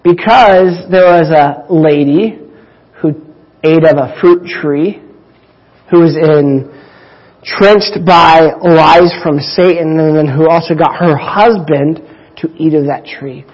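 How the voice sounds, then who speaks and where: A man preaching a sermon, with deliberate, emphatic delivery and drawn-out pauses. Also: a little high. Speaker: pastor. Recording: dull lo-fi recording.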